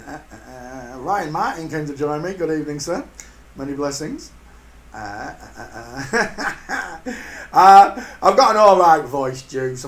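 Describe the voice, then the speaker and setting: An older man chatting loosely on a livestream, pitched a little high and greeting his viewers one by one. His joking asides come through an echoey room with a faint hiss under them. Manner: jokey, drops into sudden high silly voices. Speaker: livestream host. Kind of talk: casual live-stream chat.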